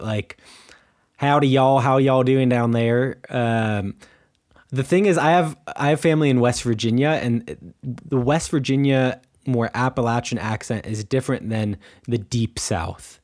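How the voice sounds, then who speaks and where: A man's voice: mid-range voice, unhurried, a little mellow. An American man co-hosting a podcast in casual chat, rambling loosely with lots of "like" and "um" fillers. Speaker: podcast co-host.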